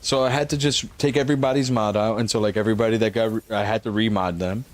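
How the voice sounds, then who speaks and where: A man chatting casually and joking while playing a game on a live stream, swearing freely and sounding a little flat and bothered. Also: lowish voice, fast.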